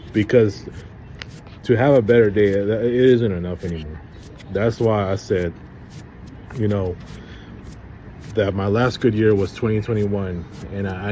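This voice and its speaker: Weary rambling man, lowish voice. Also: mellow, a little hiss or hum. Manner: halting, rambling, weary and frustrated. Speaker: vlogger. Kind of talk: casual rambling monologue.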